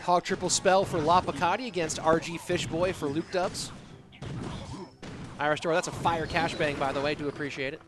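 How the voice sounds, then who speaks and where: A man's voice: a little high, fairly even intonation, moderate pace, over music. A man hosting an esports live stream, chatting in a laid-back, joking way. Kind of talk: casual live-stream commentary.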